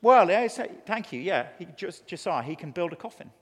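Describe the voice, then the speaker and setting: A man with an English accent preaching a conference sermon, telling stories and acting out quotes in an animated way. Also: sits high, a little fast. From England. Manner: animated, storytelling with acted quotes. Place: large conference hall. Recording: long hall reverb.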